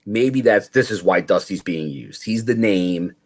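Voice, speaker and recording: A man's voice: fairly low pitch, unhurried. A man co-hosting a casual podcast review, chatty and acting out quoted lines. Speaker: podcast co-host. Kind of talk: casual chat.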